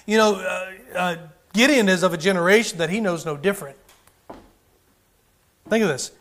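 A man's voice: high voice, normal speed, pauses often, a bit bright. A man preaching a sermon with fervor, often rising and then dropping his volume. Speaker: pastor.

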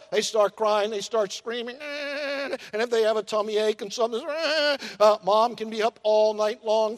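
Older male pastor, high-pitched, folksy sermon delivery, long church reverb. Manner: folksy preaching with drawn-out emphasis and acted-out asides.

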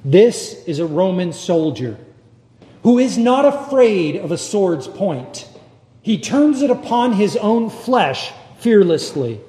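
A man preaching a sermon as a pastor, measured and dramatic with long pauses. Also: high voice, very animated, mellow. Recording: echoey hall with long reverb.

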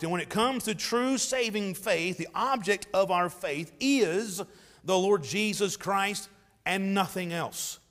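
A man's voice: high-pitched, slow, a bit bright, in a large hall. A man, preaching an emphatic sermon to his congregation in a church. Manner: emphatic preaching with swells in volume, reads scripture aloud. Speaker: pastor. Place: church sanctuary.

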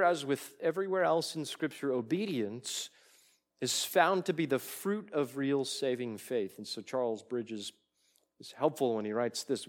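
Male pastor, unhurried sermon delivery, mid-range voice, builds intensity on quoted passages. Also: mid-range voice. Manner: slow, deliberate preaching that swells louder on quoted lines.

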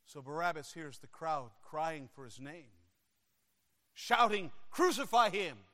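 High-voiced dramatic preacher in a reverberant hall. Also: male voice, expressive, takes it slowly. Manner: dramatic storytelling with sudden shouted crowd cries and hushed lows. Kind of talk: sermon. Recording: long reverb of a large hall.

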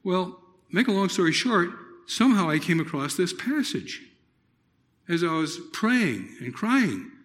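A middle-aged man preaching a personal testimony, telling it dramatically with loud exclamations and hushed, near-whispered moments. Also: high voice, very animated, measured pace. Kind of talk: sermon testimony.

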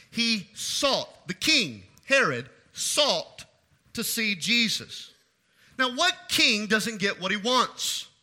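A male pastor delivers a sermon in a high, very bright, ringing voice. He talks emphatically and hammers home points by repeating phrases. His cadence swings between soft, low asides and lifted, forceful lines.

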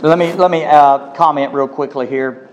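Male pastor, fairly high voice, emphatic and animated, reads scripture and comments to the congregation. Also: moderate pace, slight background noise. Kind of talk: sermon with scripture reading.

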